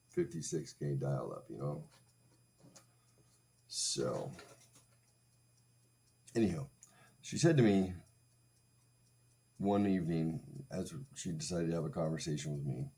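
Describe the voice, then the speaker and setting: A man in his forties with a warm bass voice hosts a livestream. He rambles sarcastically through a crude comic story, throwing in self-mocking asides.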